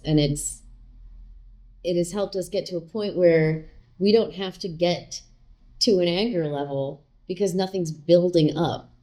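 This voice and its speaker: Candid, animated woman telling stories. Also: on the low side. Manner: candid, animated, acts out quoted lines. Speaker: guest. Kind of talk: casual conversational interview.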